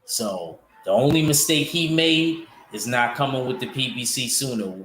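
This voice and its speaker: A man's voice: mid-range voice, moderate pace, fairly bright tone, roomy sound, a little hiss or hum. A man hosting a casual boxing livestream, rambling loosely and answering his chat. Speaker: boxing show host reading chat.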